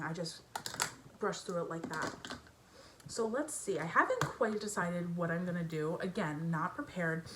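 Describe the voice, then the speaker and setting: A young beauty vlogger talks casually through a get-ready-with-me makeup session in her home bedroom as family noise carries up from downstairs. Her pitch is medium, there is slight background noise, and she speaks with many fillers and self-conscious giggles.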